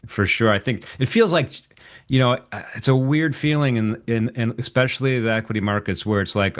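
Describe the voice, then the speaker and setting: A man hosting a relaxed market chat, talking hesitantly with many fillers. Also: mid-range voice, normal speed. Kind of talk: casual market talk.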